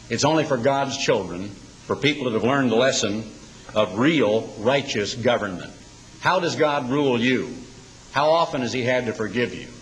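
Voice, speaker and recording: A man preaching a sermon in a dramatic style, slowing down to recite scripture. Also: mid-range voice, fairly bright tone, low-quality recording.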